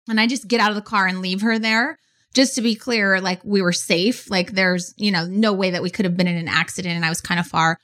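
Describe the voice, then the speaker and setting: A woman in her forties casually telling a story as a podcast host, animated and full of fillers. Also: medium pitch, a little fast. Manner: animated, chatty, many "like" fillers.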